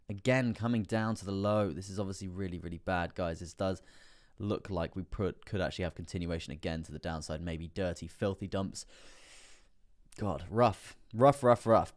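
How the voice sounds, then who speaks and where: A man hosting a casual live stream, chatting through price charts, laughing often and repeating his words as he goes. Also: deep voice. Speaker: crypto livestream host.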